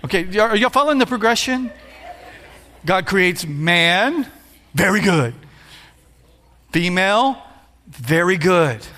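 A man in his fifties, a pastor, preaching a playful sermon that builds to shouts. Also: high voice, sing-song, slow pace, pauses often. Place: church sanctuary. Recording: long hall reverb.

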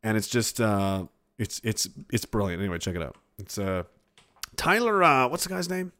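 A man hosting a livestream, reading chat messages aloud and ranting in a loud, mocking, heavily profane way with frequent laughs. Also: on the low side, lively intonation, normal speed. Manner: loud, mocking, swears constantly, laughs often. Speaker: streamer host reading chat.

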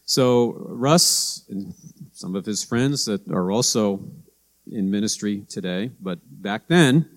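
A man's voice: lowish voice, animated, slow. A middle-aged man, a pastor, preaching a sermon in a conversational way, telling stories and acting out quotes. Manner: conversational storytelling, with anecdotes and acted-out quotes.

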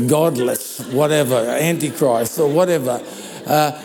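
A male pastor delivering a sermon in an unhurried, talky manner, his voice fairly high for a man but soft and mellow. The microphone picks up the long reverb of a big church hall around him. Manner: conversational, checks in with "all right?". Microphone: handheld or stand microphone.

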